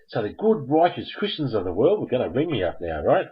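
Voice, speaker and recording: A man's voice: medium pitch, sing-song, brisk, slightly rough, muffled recording. An Australian man hosting a live call-in show, joking and rambling and laughing at his own jokes. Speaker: host.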